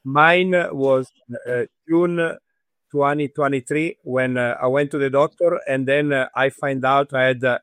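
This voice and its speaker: A man with an Italian accent speaking earnestly as a talk-show guest, pausing often with fillers. His voice is dry and close to the mic, in a middle pitch. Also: fairly even intonation, fairly bright tone, smooth, no echo. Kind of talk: interview talk.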